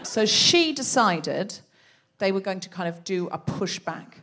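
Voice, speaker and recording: A woman's voice: mid-range voice, expressive, a little slow, a bit bright. A woman hosting a live comedy podcast on a theatre stage, chatty and laughing as she tells a story and sets up an improv scene.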